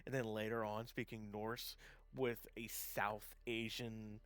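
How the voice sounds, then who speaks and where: A man chatting casually on a live gaming stream, rambling with lots of fillers and restarts, laughing often and getting excited. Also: fairly low pitch, takes it slowly. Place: home setup, gaming stream.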